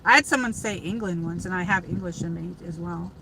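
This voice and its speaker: A woman's voice: fairly low pitch, a little fast, pushed and bright, slight background noise, rough recording. Chatty woman livestreaming from her car. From upstate New York. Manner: rambling, chatty, many fillers and restarts. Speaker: livestream host. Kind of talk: casual livestream chat.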